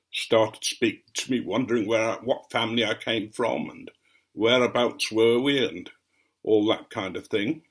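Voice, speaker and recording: A man with a received English accent with a faint Norfolk edge, telling unhurried anecdotes in a rambling vlog with frequent ums. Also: medium pitch, fairly bright tone. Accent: mostly received English, light Norfolk. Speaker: vlogger. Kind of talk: rambling anecdotal chat to camera.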